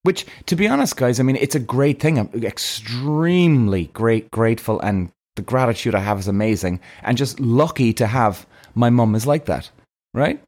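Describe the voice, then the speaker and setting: Animated man with a lively voice. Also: mid-range voice, moderate pace. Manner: animated, swears freely, keeps addressing viewers as guys. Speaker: vlogger. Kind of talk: casual vlog talking to camera.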